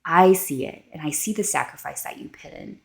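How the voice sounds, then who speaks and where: A woman quoting the voice of God, speaking calmly and tenderly in repeated reassurances. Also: low voice, brisk, vocal fry. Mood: reassuring. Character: God, a gentle reassuring divine voice.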